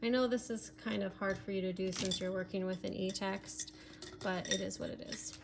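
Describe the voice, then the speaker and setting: A woman's voice: medium pitch, steady tone, normal speed, gravelly, very noisy. A woman teacher giving a recorded remote lesson, explaining step by step with many fillers, sometimes turned away from her computer mic.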